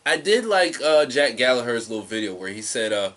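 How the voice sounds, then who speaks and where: A man's voice: medium pitch, very animated, brisk, fairly bright tone, far from the mic. A man co-hosting a podcast, bantering about wrestling with casual swearing and mimicked voices. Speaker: podcast co-host. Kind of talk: casual wrestling recap chat.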